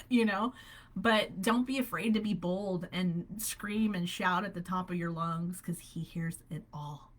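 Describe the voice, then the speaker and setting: Animated woman coaching with upbeat conviction. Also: fairly low pitch, a little slow. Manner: animated, upbeat, laughs often. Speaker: holistic health coach. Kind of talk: live faith-based coaching call.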